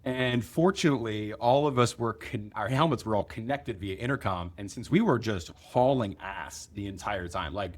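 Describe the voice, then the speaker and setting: A man co-hosting a podcast, telling stories quickly and vividly with some laughter. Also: lowish voice, darkish tone. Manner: fast, vivid storytelling with laughs. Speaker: podcast co-host. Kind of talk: casual chat.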